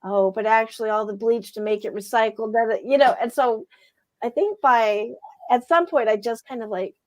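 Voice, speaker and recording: A woman in her forties, a poet co-hosting a casual chat, talking in an animated, playful way. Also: on the high side, moderate pace. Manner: animated, playful, acts out voices. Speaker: poet and co-host. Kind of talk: casual chat and poetry reading.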